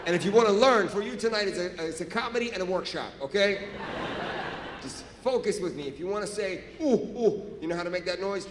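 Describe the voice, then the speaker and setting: A male comedian tells a story on a live stage with animated, shouted bursts. His voice sits high. The long reverb of a large hall wraps around him, with faint ambient noise underneath. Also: fast. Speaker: stand-up comedian. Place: large venue.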